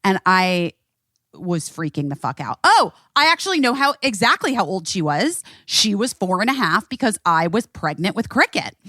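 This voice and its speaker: A middle-aged woman hosting a podcast, telling a story in casual chat, animated and swearing freely. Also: mid-range voice, normal speed, no echo, studio quality. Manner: animated, swearing, acts out quotes. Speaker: podcast host.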